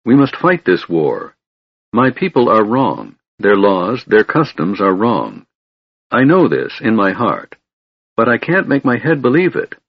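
A man's voice: lowish voice, wildly swooping pitch, a little slow, gravelly, husky, no room sound, heavily acted. A man voicing an anguished young male elf, earnest and pleading, on a dull dry recording.

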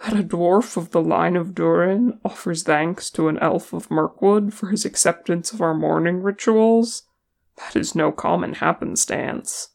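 A reader voicing a gruff, teasing male dwarf warrior who is tired and speaks bluntly, with a grumbling manner. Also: mid-range voice, measured pace, darkish tone.

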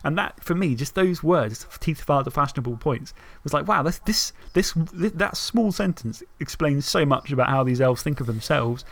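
A man's voice: fairly high pitch, expressive, normal speed, gravelly, hardly any pauses, a bit bright, dry recording. A man co-hosting a podcast, chatting eagerly about a fantasy novel, reading lines aloud and often restarting his sentences. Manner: enthusiastic, reads passages aloud, restarts often. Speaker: podcast co-host. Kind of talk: casual book discussion.

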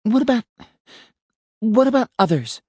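A man voicing a distressed young woman, speaking in a raised, strained, halting voice. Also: a little high, lively intonation, darkish tone, slightly rough, no room sound, clean studio sound, voice pushed up.

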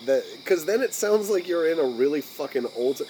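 An American man co-hosting a podcast, talking casually with frequent swearing and pausing to search for his words. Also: a little high, lively intonation, warm tone, slight background noise, low-quality recording. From United States. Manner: rambling, profane, searching for words. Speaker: podcast co-host.

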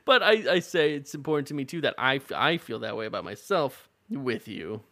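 A man co-hosting a comedy podcast reads a choose-your-own-adventure romance book aloud, tossing in playful asides, character quotes and frequent laughter. His medium-pitched voice is animated and fairly quick, with no echo, and the talk is casual, comedic chat.

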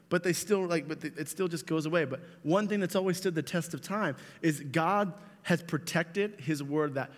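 A young man delivers a youth sermon in a slightly raised voice, mixing comic childhood stories with direct questions to his audience. His lively, joking delivery rings out through a large hall with a long reverb. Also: a little high. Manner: animated, jokey storyteller who addresses the audience directly. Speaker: youth pastor.

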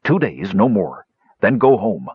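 Guy doing a gruff old dwarf uncle, low husky whisper-ish, dull dry recording. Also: very animated, measured pace, no room sound, exaggerated voice. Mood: hushed urgent. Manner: low, hushed and urgent. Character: gruff older male hill dwarf, gray-bearded and protective.

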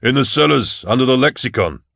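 A man voicing a big, boisterous and jovial male officer who talks in a loud, hearty, backslapping way. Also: mid-range voice, lively intonation, a little fast, gravelly, dry recording, studio quality, voice pushed up, full character voice.

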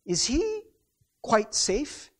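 A man's voice: very high-pitched, huge pitch swings, drawn-out words, a bit bright, voice pushed up, full character voice. A man voicing a timid, proper English schoolgirl from a storybook, in a put-on British accent and a raised, prim girlish voice. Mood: nervous.

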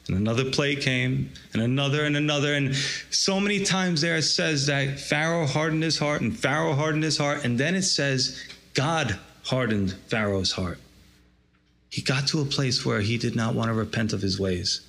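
A man's voice: mid-range voice, normal speed, gravelly, fairly bright tone. A man preaching a sermon, reading scripture aloud and drawing out its lesson with rising emphasis. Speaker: pastor.

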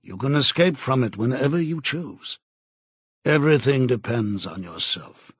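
Man reading as a menacing male interrogator, cold and contemptuous, slow and measured, husky, dry audiobook sound. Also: mid-range voice, animated, no echo.

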